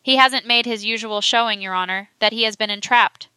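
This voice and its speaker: A woman's voice: a little high, brisk, bright, forceful tone, clean tone, no echo, poor audio. A woman reading the lines of a sardonic male defense attorney with cutting retorts.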